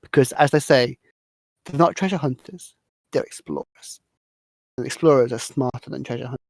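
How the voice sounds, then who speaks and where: A man hosting a podcast, recapping a film in a rambling, halting way. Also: mid-range voice, a little mellow, dry recording. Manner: rambling, halting, restarts words. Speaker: podcast host. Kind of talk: casual movie recap chat.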